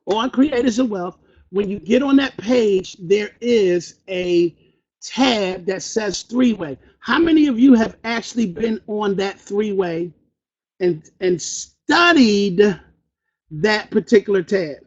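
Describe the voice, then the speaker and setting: A man leading a sales training session, fast and energetic, asking the audience questions and acting out phone calls. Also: high-pitched. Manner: fast, call-and-response, acts out phone calls. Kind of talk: energetic motivational training talk. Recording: dull lo-fi recording.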